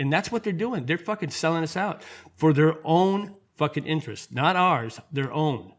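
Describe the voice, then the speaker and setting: A man's voice: fairly high pitch, animated, normal speed. A man hosting a podcast, ranting in a heated, profane way and often restarting his sentences. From United States. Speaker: podcast host. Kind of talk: casual political rant.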